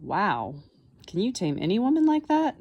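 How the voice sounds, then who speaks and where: A woman reading the part of an excitable grown man in an audiobook, exclaiming in amazement. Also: mid-range voice, moderate pace, lo-fi sound, voice pushed up. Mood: amazed.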